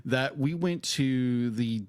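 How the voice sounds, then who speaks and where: A man in his thirties co-hosting a casual film review podcast, excitable and rambling as he tells stories. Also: mid-range voice, slow, clear, resonant tone. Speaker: podcast co-host.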